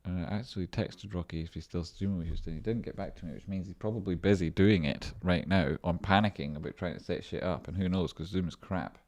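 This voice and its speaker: Deep-voiced man chatting on a trading stream. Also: quick pace, few pauses, a little mellow. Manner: rambling, joking and swearing while reading chat. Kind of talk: casual livestream chat.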